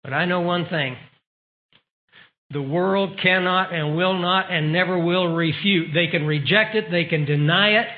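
High-voiced man preaching a sermon. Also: measured pace. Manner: emphatic, rhetorical questions to the audience. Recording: dull lo-fi recording.

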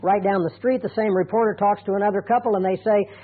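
A middle-aged man preaching a sermon as a pastor, earnest and deliberate, slowing down to stress key points. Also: sits high, fairly even intonation. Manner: earnest, deliberate, slows down for emphasis. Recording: tinny phone-like radio broadcast.

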